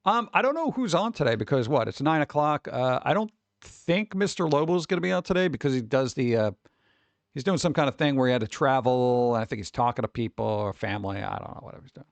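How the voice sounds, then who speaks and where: A man streamer rambling casually to his live chat, his middle-pitched voice carrying a gravelly, fry-edged texture. He swears freely and talks straight to his viewers. The sound is dry and close, with no room echo. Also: fast.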